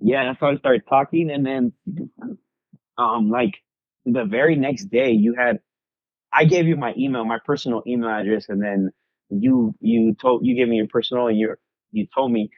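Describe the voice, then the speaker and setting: A man in casual podcast chat, storytelling with loads of slang fillers and swearing. His voice is mid-pitched, the room is dry, and the sound is a little dull and lo-fi. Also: expressive, normal speed, creaky, no echo. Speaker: podcast co-host.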